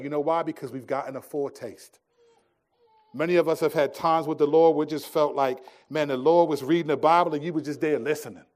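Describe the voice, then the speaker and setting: A middle-aged male pastor preaching a sermon, telling stories and swinging between hushed, slow lines and emphatic ones. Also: fairly high pitch, fairly even intonation.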